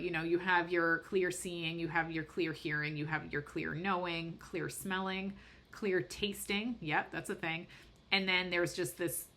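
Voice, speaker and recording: Lady medium hosting her podcast, lowish bright voice, earnest and rambly. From Boston. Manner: earnest, rambling explanations with fillers. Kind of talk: casual spiritual podcast talk.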